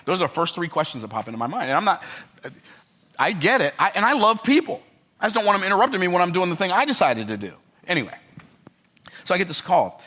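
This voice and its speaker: A man's voice: medium pitch, very animated, a little fast, a bit bright. An older man giving a motivational speech to a live audience. He tells stories with emphasis and repetition, and often checks in with the crowd. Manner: emphatic, repetitive storytelling with rhetorical check-ins. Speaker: motivational speaker.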